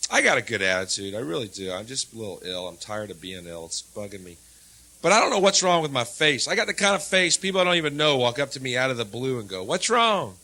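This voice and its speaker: A man from the United States doing a sardonic stand-up set, swinging from low mutters to loud jabs on a handheld stage mic. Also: very animated, quick pace. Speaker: stand-up comedian.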